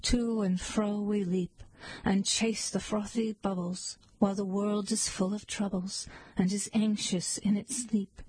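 A woman reading poems aloud in a slow, measured, lilting recitation. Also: mid-range voice, flat delivery, darkish tone, slight background noise, rough recording. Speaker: poetry reader.

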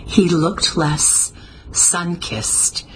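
A woman narrating an audiobook mystery in a measured, even storytelling manner. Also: lowish voice, slight background noise, low-quality recording. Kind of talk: scripted narration.

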